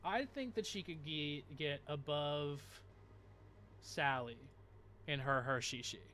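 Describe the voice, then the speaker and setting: A man's voice: a little high, lively intonation, takes it slowly, pushed and bright, slight background noise. A man streaming live, chatting casually and rambling to his viewers with frequent laughs.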